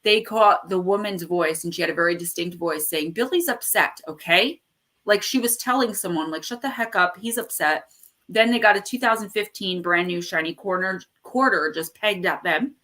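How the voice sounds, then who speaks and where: A woman hosting a casual live stream about the paranormal, rambling and animated as she tells stories. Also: lowish voice, brisk, few pauses. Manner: animated, rambling storyteller who acts out quotes. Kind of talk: casual livestream chat.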